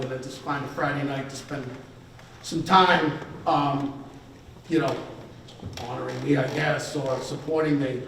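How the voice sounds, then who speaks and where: A man's voice: a little high, a bit bright, a little hiss or hum. Rambling man speaking in an echoey hall. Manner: rambling, self-deprecating, with joking asides. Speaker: hall of fame inductee giving a speech. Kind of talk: informal acceptance speech. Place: large banquet hall. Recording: echoey banquet hall from far off.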